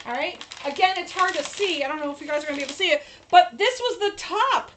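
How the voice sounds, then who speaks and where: A woman's voice: very high voice, expressive, fast talker, noisy background. A woman hosting a casual crafting livestream, chatting to viewers while she demonstrates her projects. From New York State.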